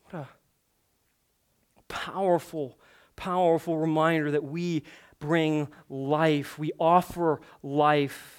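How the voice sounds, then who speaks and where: Male pastor, high-pitched voice, emphatic sermon delivery with loud urgent swells and quiet intimate stretches, rhetorical questions. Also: fairly even intonation, takes it slowly, long pauses, clean tone. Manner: emphatic, swings between loud urgent passages and hushed intimate ones; conversational asides and rhetorical questions.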